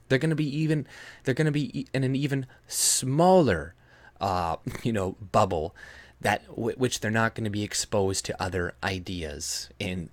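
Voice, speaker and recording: A man's voice: lowish voice, no echo. A man from Canada giving a heated, swearing video rant, breaking into scoffing laughs and mocking other people's voices. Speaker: political commentator. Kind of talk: ranting video commentary.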